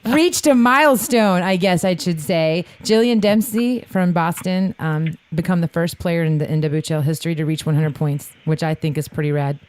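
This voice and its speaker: A woman's voice: lowish voice, normal speed, few pauses, a little mellow. Woman co-host, easygoing, rambling casual delivery. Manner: casual, laughing, loose filler-heavy talk. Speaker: podcast co-host. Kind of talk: casual podcast chat.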